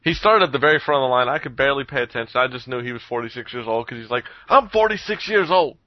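A man's voice: medium pitch, fairly even intonation, rapid-fire, no room sound, highs cut off. A young man telling a story in casual, rambling talk, swearing and laughing often.

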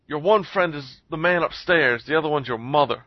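A man's voice: on the high side, brisk, no echo, highs cut off, natural voice. A man voicing a pushy middle-aged male street hustler who keeps repeating his boasts. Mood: insistent. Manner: insistent, repetitive boasting.

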